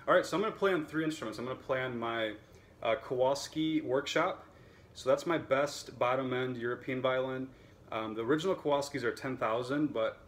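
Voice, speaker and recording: A man who teaches and sells violins, talking casually to camera in a relaxed, chatty way with plenty of fillers. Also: medium pitch, slight background noise. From United States.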